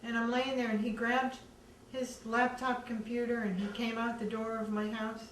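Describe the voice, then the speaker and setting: A woman earnestly recounting her own story in a measured way, with many pauses. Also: fairly high pitch, level tone. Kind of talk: personal testimony. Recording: echoey room, distant mic, faint background noise.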